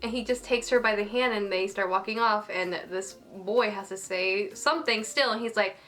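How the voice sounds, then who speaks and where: A woman's voice: medium pitch, normal speed. Gushing young woman reviewing an anime. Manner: gushing, excitable, heavy use of "like". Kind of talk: casual excited episode review.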